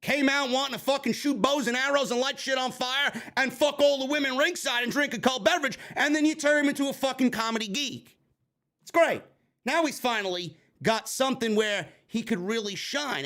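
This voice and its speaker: A man from New York hosting a wrestling review livestream, swearing constantly and breaking into excitable shouting. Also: extremely high pitch, fairly quick. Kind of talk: casual profane live commentary.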